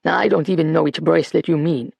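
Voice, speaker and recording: A narrator puts on an irritable old man who once served as a police officer, grumbling and curt in his replies. His voice drops a little lower and slower than the narration, with a gravelly edge. The sound is dry and close, as in an audiobook studio. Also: fairly even intonation, dry recording, dull audio, exaggerated voice. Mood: grumpy, wary. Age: older.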